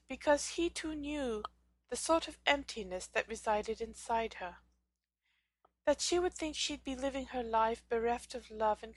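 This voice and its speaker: A woman narrating a fan fiction audiobook in a dramatic, expressive storytelling manner. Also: on the high side, no room sound.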